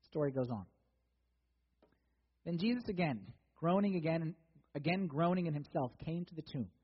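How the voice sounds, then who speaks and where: High-voiced male preacher in a echoing hall. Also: lively intonation, normal speed, breathy edge. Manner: conversational preaching, acting out the people in the story. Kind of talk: sermon. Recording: dull lo-fi sound with long hall reverb.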